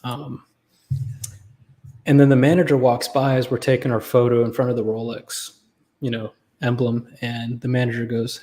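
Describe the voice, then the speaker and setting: A man's voice: mid-range voice, little pitch movement, normal speed, a little mellow. A man, a guest on a livestream, telling a casual story and acting out other people's lines as he goes.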